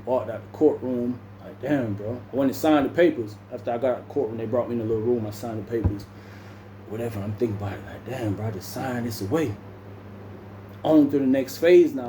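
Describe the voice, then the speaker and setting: A man's voice: medium pitch, brisk, mellow, echoey room, slight background noise. A young man, telling a story casually and saying "bro" constantly. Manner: laid-back, says "bro" constantly, acts out other people's lines. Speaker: vlogger.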